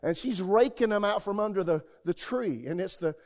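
A man preaches a sermon as a pastor. His voice sits a little high for a man. He tells stories from his own life and rises to loud, shouted quotes. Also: lively intonation, normal speed. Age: 60s. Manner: storytelling, rising to shouts when quoting God.

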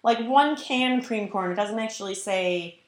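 A woman's voice: mid-range voice, measured pace. Wry woman on a cooking podcast. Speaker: podcast co-host. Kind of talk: casual chat. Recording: echoey room.

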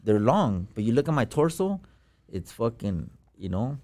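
A man's voice: mid-range voice, big pitch swings, moderate pace, mellow. A man telling a personal story as a podcast guest, in slangy, profane casual talk full of fillers.

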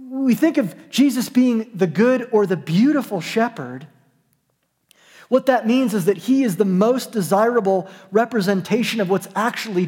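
A man's voice: high voice, big-room sound. A man preaching a sermon as a pastor, earnest and emphatic, repeating and restarting his phrases.

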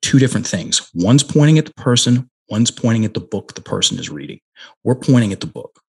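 A middle-aged man with a husky, slightly low voice tells a coaching story in a relaxed conversational way. He leans hard on key words and slows right down to make a point. His voice comes through a headset mic. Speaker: podcast guest, coach.

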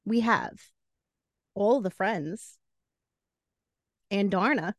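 A woman's voice: mid-range voice, extremely slow, dry recording, highs cut off. A woman co-hosting a book podcast in casual chat, playfully announcing awards. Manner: playful, lively, announcer-style award presenting. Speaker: podcast co-host.

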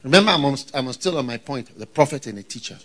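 A man with a Ghanaian accent preaching a sermon to pastors, given to loud high-pitched shouts and laughter. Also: expressive, fast talker.

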